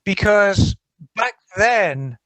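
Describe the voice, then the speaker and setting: A playful man chats and teases on a podcast, telling stories as he goes. His voice sits high and swoops around a great deal. The sound is close and dry. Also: lively intonation, extremely slow, fairly bright tone, no echo. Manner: playful, teasing storyteller. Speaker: podcast co-host. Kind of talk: casual chat.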